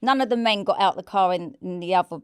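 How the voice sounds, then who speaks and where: A woman tells her story bluntly and candidly, with plenty of swearing. Her voice is smooth and clear, and she is recorded close with a dry sound and almost no room echo. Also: mid-range voice, fast talker. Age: 40s. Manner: candid and blunt, swears freely, acts out quoted shouts. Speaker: interview guest. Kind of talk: emotional personal storytelling.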